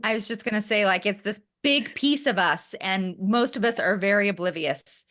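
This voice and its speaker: A woman's voice: mid-range voice, moderate pace, fairly bright tone. A woman hosting a podcast interview, talking in a sing-song lilt. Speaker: podcast host.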